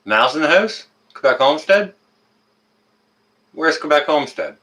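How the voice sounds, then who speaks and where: A man's voice: fairly high pitch, big pitch swings, moderate pace, pushed and bright. A man with a Canadian accent hosting a casual live-stream chat on a webcam and greeting viewers one by one by name. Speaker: livestream host.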